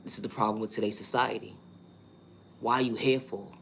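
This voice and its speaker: A man's voice: lowish voice, fairly even intonation, brisk, vocal fry, a bit bright, a little hiss or hum. A man with a New York accent, talking through a monologue vlog in an emphatic, repetitive way and asking rhetorical questions.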